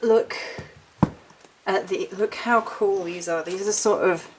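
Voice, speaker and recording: A woman's voice: medium pitch, fairly even intonation, slow, slight background noise, poor audio. A woman chatting casually through a haul vlog, rambling and correcting herself as she goes. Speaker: witchcraft vlogger.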